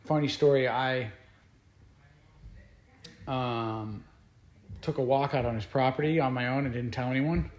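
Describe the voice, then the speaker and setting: A man's voice: medium pitch, fairly even intonation, a little slow, long pauses, roomy sound. A man who is a guest musician, telling stories in a casual interview, rambling along with many fillers and restarts.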